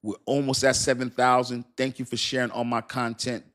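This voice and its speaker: A man's voice: mid-range voice, little pitch movement, a little fast. A man hosting a casual crypto live stream, chatty and repetitive, often thanking his viewers. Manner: chatty, repeats himself, thanks viewers warmly.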